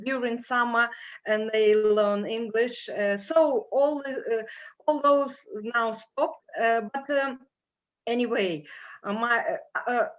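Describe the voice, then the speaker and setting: An older woman with a strong Russian accent, speaking slowly and haltingly with many fillers as a guest on a video call panel. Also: on the high side. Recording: dull lo-fi video call audio.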